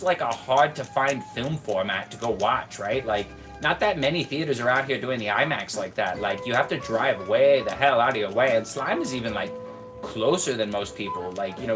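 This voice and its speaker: A man casually rambling on a stream, joking deadpan with lots of fillers. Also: mid-range voice.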